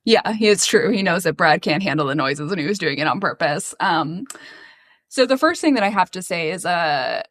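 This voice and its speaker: A woman's voice: lowish voice, animated, normal speed, a bit bright. Woman cohost ranting on a podcast, snarky, swears a lot, laughs between lines. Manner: sarcastic, swearing, laughing rants. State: waiting for an edible to kick in. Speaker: podcast co-host. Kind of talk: casual podcast banter.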